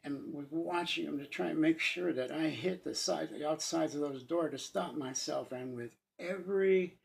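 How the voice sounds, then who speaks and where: Middle-aged man, gravelly, telling his life testimony earnestly, halting, near tears. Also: a little high. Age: 50s. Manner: earnest, halting, with restarts and pauses. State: moved to tears at times. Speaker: sharing a personal testimony. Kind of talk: emotional first-person testimony.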